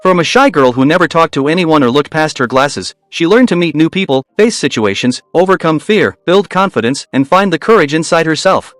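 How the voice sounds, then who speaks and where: A man's voice: fairly high pitch, expressive, brisk, hardly any pauses, a bit bright, no echo, clean studio sound, soft background music. A man narrating a recap of a school romance drama in a casual, scripted way with wry asides.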